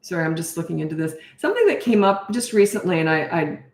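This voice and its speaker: A woman's voice: on the low side, very animated, quick pace. Frank, chatty woman in an echoey room. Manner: frank and chatty, laughs at herself. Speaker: parenting coach. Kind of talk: casual live Q&A chat.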